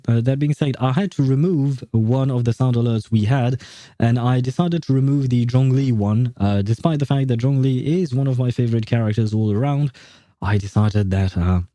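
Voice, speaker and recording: A man's voice: medium pitch, mellow, no echo. A man live-streaming games, chatting casually with viewers in a rambling, hesitant way, full of fillers and chuckles. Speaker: game streamer.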